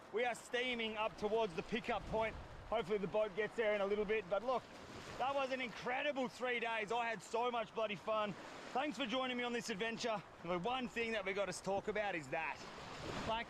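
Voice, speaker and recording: A man's voice: high-pitched, background noise. A young Australian man talking to camera on a beach during a fishing trip, chatty and slangy, with background music. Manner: chatty, slangy, swears at himself. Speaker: fishing vlogger. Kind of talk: casual vlog to camera. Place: outdoors on a beach.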